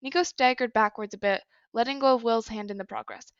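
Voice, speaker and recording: A woman reading a story aloud in a plain, even manner with small slips. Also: fairly high pitch, brisk, no room sound, lo-fi sound. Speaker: story reader. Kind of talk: reading fan fiction aloud.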